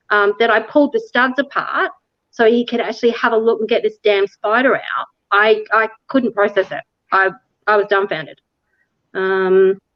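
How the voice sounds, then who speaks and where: A woman telling a ghost-tour story in casual chat, animated, laughing often and acting out what people said. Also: a little high, no room sound, lo-fi sound. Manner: animated, laughs often, acts out quoted dialogue. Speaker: interview guest recounting a ghost tour.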